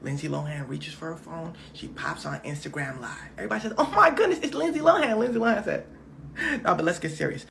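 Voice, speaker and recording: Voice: medium pitch, creaky, fairly bright tone. A reaction video host telling a story with comic drama, in slangy speech, acting out every character.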